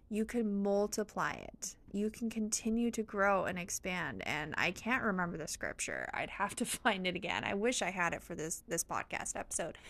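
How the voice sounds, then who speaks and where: A woman's voice: mid-range voice, no echo. A woman hosting a motivational podcast, speaking in an earnest, encouraging, faith-filled tone. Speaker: podcast host.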